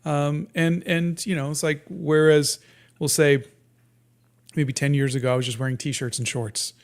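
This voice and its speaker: A man in his fifties, a guest cartoonist talking casually in an interview, in a soft, sleepy-sounding voice with many halting restarts and fillers. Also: fairly high pitch, flat delivery. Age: 50s.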